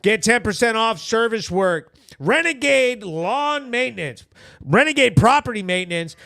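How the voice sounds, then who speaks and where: A man hosting a local news recap show in loud, slangy, profane casual commentary with sponsor shout-outs. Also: very high-pitched, animated, normal speed, vocal fry, no echo. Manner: hyped, profane, slangy, emphatic.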